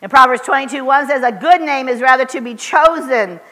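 A woman's voice: high voice, fairly quick, fairly bright tone. Fervent woman preaching in an echoey hall. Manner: fervent and emphatic, with repeated short declarations. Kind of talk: sermon. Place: church sanctuary.

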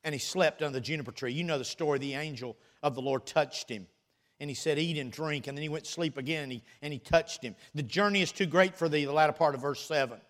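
A man preaching a sermon, reading scripture aloud and swinging between loud bursts and quiet, teasing asides. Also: on the high side, fast talker.

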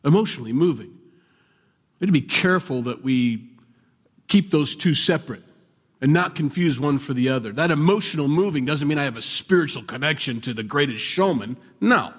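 A man's voice: medium pitch, husky. Conversational male preacher in a reverberant hall. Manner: conversational, animated with sudden loud bursts. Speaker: pastor. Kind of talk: sermon.

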